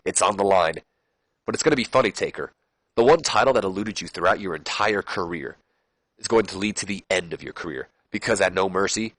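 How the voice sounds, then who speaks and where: A man's voice: on the low side, a bit bright, no room sound. A man doing a sneering wrestling champion. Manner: sneering, threatening. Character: cocky menacing male wrestling champion.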